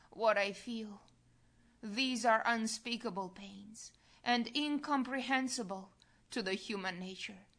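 A grieving, tender Christ , as a woman reads him out in a devotional reading. The delivery is slow and plaintive, with a solemn weight on each phrase. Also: fairly high pitch, a bit bright. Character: grieving adult male Christ, tender and sorrowful.

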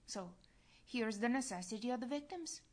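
A woman giving a slow, solemn, earnest devotional reading. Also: a little high, animated, darkish tone. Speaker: reader.

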